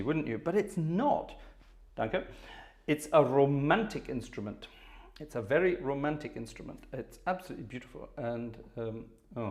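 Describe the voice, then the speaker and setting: A chatty man at a mid-range pitch talks viewers through his setup in a loose, self-deprecating way. He hosts a live organ stream and speaks casually between pieces. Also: a little mellow.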